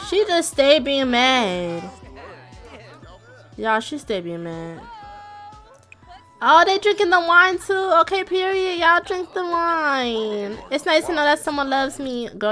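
Young woman, high voice, casual game commentary, chatty, faint music underneath. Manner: chatty, addresses viewers as y'all, excited squeals. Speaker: gaming YouTuber. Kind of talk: casual let's-play commentary.

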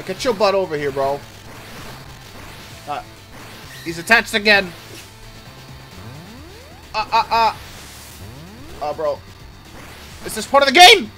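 A young man giving exasperated gameplay commentary and yelling at the game. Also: high voice. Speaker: gaming channel host.

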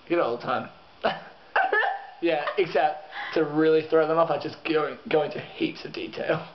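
A man in casual chat, joking and teasing with quick laughs. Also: on the high side, steady tone, lo-fi sound, background noise. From Australia. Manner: joking, teasing, laughs at his own jokes. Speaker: co-vlogger.

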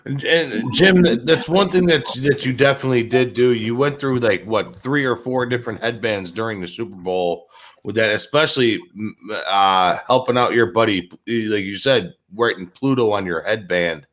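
A man's voice: on the low side, moderate pace, fairly bright tone. A man hosting a sports show, asking loose, rambling questions in a casual way. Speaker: host.

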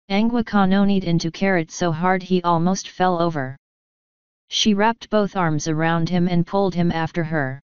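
A woman narrates a novel at an unhurried pace, her lowish voice very clear and crisp. The sound is dry with no room around it, slightly dull and lo-fi, like a modest home recording. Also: no echo. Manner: slow, even storytelling read. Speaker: audiobook reader. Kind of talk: scripted narration.

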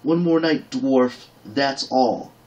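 A man's voice: mid-range voice, slow, a little mellow, dull audio, pitched above the performer's own voice, close to an everyday voice. A man voicing a fierce, proud young warrior woman who speaks sharply and indignantly. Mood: angry.

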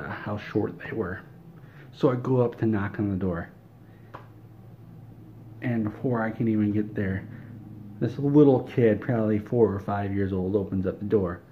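A man telling a deadpan comic story in a dry, rambling way, on a slightly muffled recording with faint hiss. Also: lowish voice. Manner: dry, rambling delivery with fillers. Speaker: comedic storyteller.

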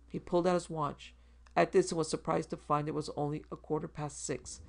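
A man narrating a macabre short story in a measured, even storytelling delivery. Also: on the high side, gravelly. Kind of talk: scripted horror story narration.

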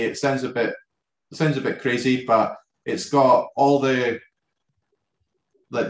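A man from a distillery talks casually about his product over a video call, rambling with frequent restarts. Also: mid-range voice. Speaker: distillery representative. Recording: roomy echo on a video call.

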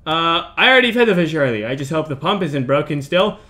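A man's voice: fairly high pitch, animated, fairly quick, sharp tone. A man giving rambling, joking let's-play commentary on a horror game, jumping between mock outrage and mumbled asides. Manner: rambling, jokey, chatting to himself and characters.

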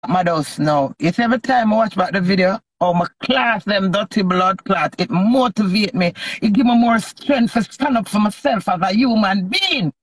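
A Jamaican woman chatting casually on a live stream, loud and animated, swearing a lot. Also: mid-range voice, normal speed, hardly any pauses, dry recording. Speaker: social media personality.

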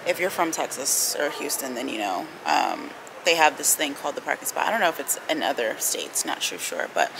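A young woman with a low voice and vocal fry vlogs to camera in an airport terminal, rambling casually and using slang. The noisy public space carries airport announcements and bustle.

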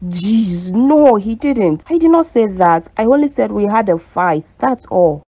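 Woman voicing a sulky, jealous young woman in a cartoon drama; mellow, dull lo-fi sound. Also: mid-range voice, lively intonation, a little slow, no room sound. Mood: defensive. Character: jealous young woman, Rachel, chasing a man. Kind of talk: cartoon dub acting.

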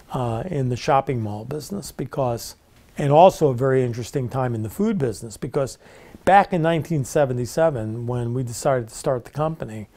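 Mellow-voiced man telling a story. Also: mid-range voice. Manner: relaxed, conversational, rambling with restarts. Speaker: business founder telling his story. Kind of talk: casual storytelling.

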